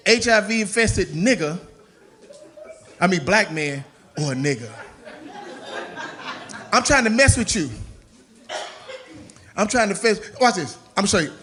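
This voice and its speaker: A male comedian on stage with a high, bright voice that rides up and down as he lands each line. His delivery is animated and punchy, built on stand-up rhythm. He sounds lively and sharp throughout the set. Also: unhurried, pauses often.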